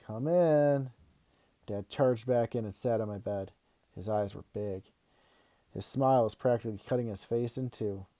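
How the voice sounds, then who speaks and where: A man narrating a children's novel aloud with even, expressive pacing. His voice is warm and mellow, recorded close and dry with no room around it. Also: fairly low pitch, no echo. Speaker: read-aloud host.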